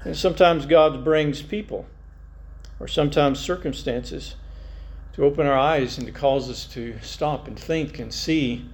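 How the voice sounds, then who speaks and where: A man's voice: a little high, a little slow. A male pastor preaching a conversational sermon, reading scripture aloud and musing over it.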